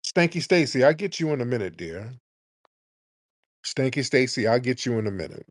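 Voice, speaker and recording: A blunt male radio host running a call-in show, quick to lose patience and push callers to get to the point. His voice is mid-pitched and dry, with little room sound. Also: sing-song, no room sound. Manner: blunt, impatient, exasperated. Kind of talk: live call-in commentary.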